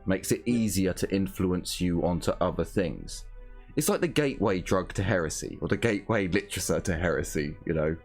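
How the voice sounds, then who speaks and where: A man's voice: low voice, lively intonation, fairly quick, a little mellow, soft background music. A man running a tabletop game as game master, narrating and joking in a wry, casual way.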